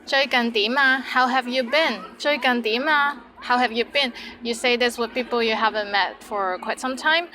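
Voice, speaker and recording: A woman's voice: on the high side, normal speed, few pauses, pushed and bright, poor audio. A woman teaching Cantonese words, saying each word twice and then giving example sentences. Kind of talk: language lesson.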